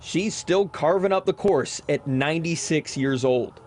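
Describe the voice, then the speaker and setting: A young man reporting sports news for local television in an upbeat, crisp delivery. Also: on the high side, a little slow, background noise.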